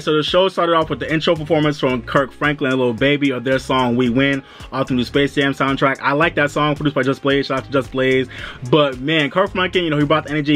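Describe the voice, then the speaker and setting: A man giving a casual, chatty review of an awards show, loose and quick, slipping into high-pitched voices to act out reactions. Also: a bit bright.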